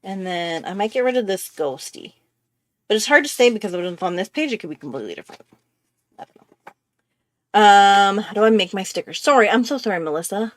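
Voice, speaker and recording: Woman host, live art stream: bubbly, excitable, chatty, middle pitch. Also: fast talker. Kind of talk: casual live-stream chat.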